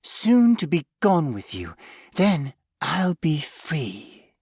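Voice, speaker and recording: A man's voice: on the high side, huge pitch swings, drawn-out words, a little mellow, slightly rough, dry recording, studio quality, voice pushed up, heavily acted. A man voicing an anxious, fretful young woman homeowner.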